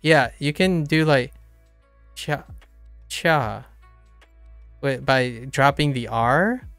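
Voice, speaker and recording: A man's voice: mid-range voice, extremely slow, fairly bright tone, smooth, no echo, faint music behind. A man streaming a casual lesson on Japanese sounds, rambling, correcting himself and laughing often. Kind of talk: casual live-stream explanation.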